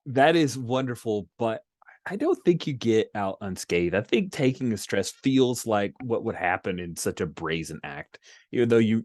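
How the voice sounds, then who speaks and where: A man's voice: medium pitch, a little mellow, no room sound, studio quality. A man running a tabletop role-playing game, casual and checking in with his players. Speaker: game master.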